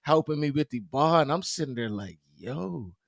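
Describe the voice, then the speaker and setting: Brief: man, podcast co-host, animated slangy storyteller, dry close mic. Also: fairly high pitch, normal speed, vocal fry, no room sound. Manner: animated storyteller, quotes people in his own voice; loose slangy talk with frequent "you know what I'm saying". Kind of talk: casual chat.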